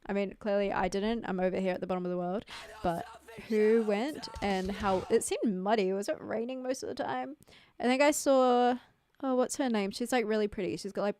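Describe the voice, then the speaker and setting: A woman's voice: mid-range voice, normal speed, a little mellow, a little hiss or hum. A young woman, chatting on a casual livestream in a rambling, giggly way full of fillers. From New Zealand. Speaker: streamer.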